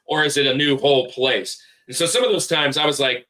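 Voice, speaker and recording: Bright-voiced podcast host. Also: male voice, medium pitch, a little fast. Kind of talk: casual podcast chat.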